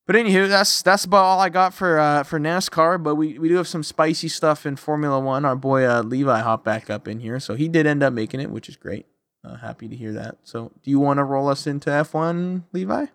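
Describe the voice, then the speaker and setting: A man's voice: on the high side, fairly quick, a bit bright, no room sound, clean studio sound. Chatty man hosting a podcast. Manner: loose, chatty, lots of likes. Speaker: podcast host. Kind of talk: casual podcast chat.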